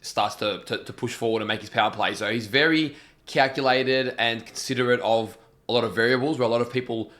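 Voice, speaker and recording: A man's voice: mid-range voice, fairly quick, fairly bright tone. Rambling man co-hosting a reaction chat. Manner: rambling, swearing, lots of restarts. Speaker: reaction video co-host. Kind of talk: casual chat reacting to a TV show.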